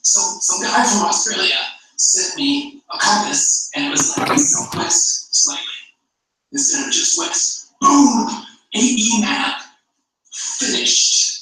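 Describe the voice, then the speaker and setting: A man's voice: extremely high pitch, expressive, slow, bright, forceful tone, slight background noise, exaggerated voice. A man mocking another man as a boastful, crude vlogger with a swaggering delivery. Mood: cocky. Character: brash, boastful male vlogger, mocking parody. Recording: echoey room, far from mic.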